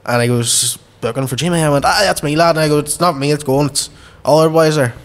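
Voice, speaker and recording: A man's voice: a little high, quick pace. A man with a Derry accent, a podcast guest telling a long story and acting out the dialogue, swearing freely. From Derry, Northern Ireland. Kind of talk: casual storytelling.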